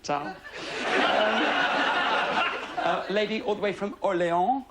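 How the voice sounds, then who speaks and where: A middle-aged man from England doing a stand-up comedy routine, chatty and self-mocking, with deadpan asides to the crowd. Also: high voice, unhurried, long pauses. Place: TV studio before a live audience. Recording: loud studio audience laughter and noise.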